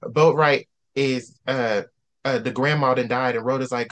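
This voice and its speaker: Man, casual book chat, animated ranting, mid-pitched voice. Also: a little slow. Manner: animated, ranting, preacherly outbursts. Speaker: book discussion host.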